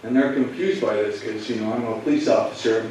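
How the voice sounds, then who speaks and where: A man, a police officer, telling students a personal story in a halting, emotional way. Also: lowish voice, darkish tone, a little hiss or hum. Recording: echoey room, voice from far off.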